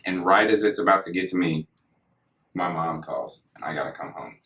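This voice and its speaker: Young man, very low voice, relaxed slangy storyteller, roomy echo. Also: moderate pace. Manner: laid-back, slangy, laughs through stories. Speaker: podcast guest. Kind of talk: casual storytelling. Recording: echoey room.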